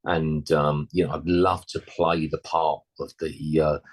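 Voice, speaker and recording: Deep husky man in his sixties. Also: level tone, measured pace. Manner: rambling, full of "you know", blunt slangy asides. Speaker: musician guest. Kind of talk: casual interview chat.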